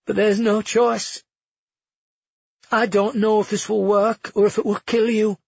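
A man's voice: high-pitched, level tone, a little slow, creaky, darkish tone, slightly rough, dry recording, highs cut off, voice pushed up, full character voice. A man voicing a desperate young sorceress in a raised, strained voice for a storybook reading. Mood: sorrowful.

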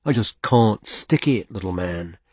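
A weary rural father with a gruff, offhand way of talking, as a man reading the story voices him. His voice sits very low and deep. The sound is dry and close, with no room around it. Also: animated, a little slow, darkish tone, no room sound. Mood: wry.

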